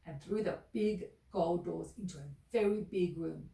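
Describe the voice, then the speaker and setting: A woman reading a children's story aloud in an expressive, sing-song way. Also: fairly low pitch, a little slow, vocal fry, hardly any pauses. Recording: echoey room, mic at a distance.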